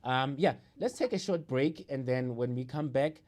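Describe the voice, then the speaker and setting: Man, talk show host, casual chat, laughs a lot, repeats words, middle pitch. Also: moderate pace, a little mellow. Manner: laughs often, repeats words, many fillers.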